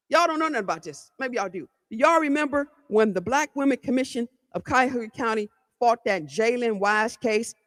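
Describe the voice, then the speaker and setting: Her voice leans high and has a fairly bright tone. She hosts a podcast out of the Cleveland area and tells a story bluntly and heatedly, swearing, repeating herself, and talking directly to her listeners, all with long hall-like reverb on the recording.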